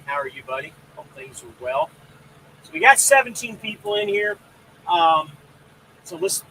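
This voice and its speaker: A man's voice: fairly high pitch, pushed and bright, a little hiss or hum, rough recording. A man hosting a casual live stream about trucking, rambling and greeting viewers by name. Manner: rambling, reads out viewer comments.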